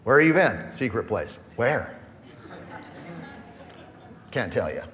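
A preaching pastor in a reverberant hall. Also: male voice, fairly low pitch, big pitch swings, slow, fairly bright tone. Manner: conversational preaching, acts out quoted voices. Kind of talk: sermon. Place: church hall.

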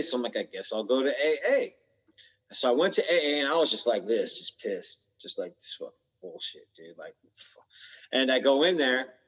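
An American man in recovery, appearing as a podcast guest, tells his story candidly in blunt, slangy talk, swearing freely. His mid-range voice is husky and a bit bright. The sound is dull and lo-fi with long reverb.

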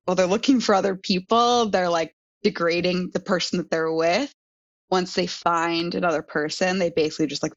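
A woman's voice: sits low, dry recording. A young woman telling a story in casual chat, full of "like" fillers. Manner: chatty, frequent "like" fillers. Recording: dull, dry sound.

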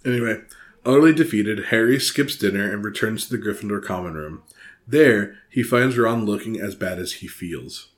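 A man's voice: lowish voice, moderate pace. A man co-hosting a podcast, summarizing book chapters in casual chat, earnest with hesitant restarts. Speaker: podcast co-host.

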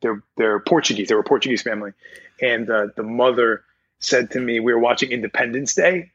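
A slightly husky, mid-pitched man chats in a relaxed, rambling way as an interview guest. He laughs easily and circles back on his thoughts. The sound is dull and lo-fi. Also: fairly quick. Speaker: voice actor guest. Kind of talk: casual interview chat.

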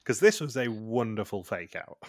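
A man co-hosts a podcast, running through plot recaps in long, blunt stretches and swearing freely. His voice sits on the low side. The recording is dry and close, with no room sound. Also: sing-song, moderate pace, a little mellow, dry recording. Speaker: podcast co-host. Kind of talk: casual chat recapping a TV show.

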